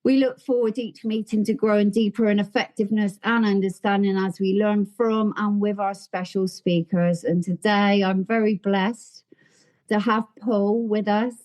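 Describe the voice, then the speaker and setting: A woman's voice: mid-range voice, fairly even intonation, normal speed, a little mellow. A woman hosting an online meeting, graciously welcoming and introducing the speaker. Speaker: meeting host.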